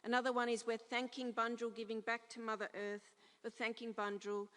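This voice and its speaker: A woman with a croaky voice giving a ceremonial welcome, speaking softly and proudly and singing slow chants. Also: a little high, level tone, big-room sound. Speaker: cultural performer giving a welcome. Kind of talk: ceremonial welcome speech and song. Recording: noisy live event recording.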